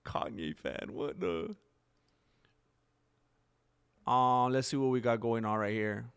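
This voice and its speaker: A man's voice: mid-range voice, expressive, normal speed. A man hosting a casual livestream, rambling and reacting to the chat with lots of ums. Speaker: livestream host. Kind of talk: casual live-stream chat.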